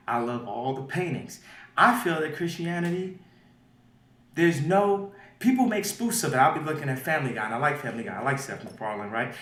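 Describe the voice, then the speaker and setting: A man being interviewed, talking emphatically and swinging between quiet and loud. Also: fairly high pitch. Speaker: interview guest. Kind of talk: animated interview talk. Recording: roomy audio from far off.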